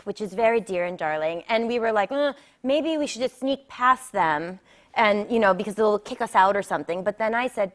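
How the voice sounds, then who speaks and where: A woman in her thirties, a talk show guest telling a comic story in a giggly, rambling way, full of "like" and "um". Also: fairly high pitch. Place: TV studio.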